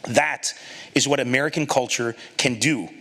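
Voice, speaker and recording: A comedian giving an animated storytelling talk, acting out the people in his anecdotes and laughing at his own lines. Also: medium pitch, normal speed, vocal fry.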